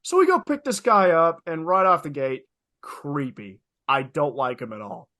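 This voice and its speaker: A young man co-hosting a podcast, telling stories in an animated, emphatic way, swearing freely and repeating lines for effect. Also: a little high, moderate pace, dry recording, studio quality. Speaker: podcast co-host. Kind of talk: casual podcast storytelling.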